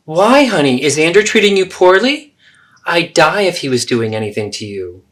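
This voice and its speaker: A man's voice: a little high, sing-song, normal speed, a bit bright, pitched above the performer's own voice. A man acting out a defensive, self-absorbed middle-aged mother in a therapy role-play, anxious and dramatic.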